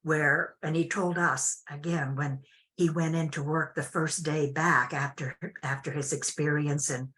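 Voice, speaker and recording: An older woman telling a personal story as an interview guest, unhurried and reflective with frequent restarts. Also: deep voice, steady tone, fairly bright tone.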